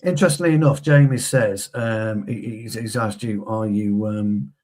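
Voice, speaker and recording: A man with a fairly low voice, chatting casually about football as a co-host. His talk is full of banter and asides to his partner. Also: normal speed, a little mellow. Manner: chatty, banter-filled, addresses co-host as pal. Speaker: fan channel co-host. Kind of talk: casual football fan chat.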